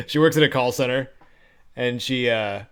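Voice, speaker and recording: A man's voice: mid-range voice, clean tone. A man live-streaming, chatting casually and laughing often as he talks to viewers while editing. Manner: chatty, giggly, talks to chat while working.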